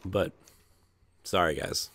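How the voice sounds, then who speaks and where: A hoarse man co-hosting a gaming podcast, joking and self-deprecating. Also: slow pace, fairly bright tone. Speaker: podcast co-host. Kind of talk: casual chat.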